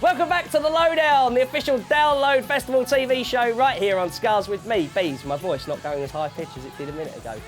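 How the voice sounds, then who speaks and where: A man's voice: extremely high pitch, brisk, hardly any pauses. A man presenting a music TV show with jokey asides and a chatty interview manner. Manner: jokey asides, lively reading, chatty fillers.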